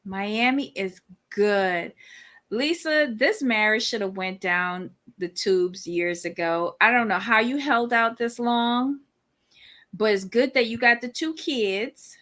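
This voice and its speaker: A woman's voice: a little high, a little slow, bright, forceful tone. A woman co-hosting a reality TV recap show, talking in a sassy, blunt way and exclaiming at the cast. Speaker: podcast co-host.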